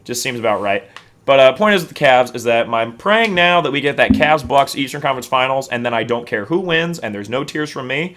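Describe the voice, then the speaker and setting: Man, sports podcast co-host, rapid talker, bright tone, casual rambling chat, jokey. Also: mid-range voice, expressive. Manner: rambling, jokey, self-deprecating.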